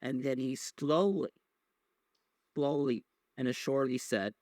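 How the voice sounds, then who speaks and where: A man's voice: mid-range voice, slow pace, darkish tone, no room sound. Rambling, profane man in a dry close recording. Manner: rambling, profane, with many fillers and restarts. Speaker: podcast host. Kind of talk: casual wrestling recap chat.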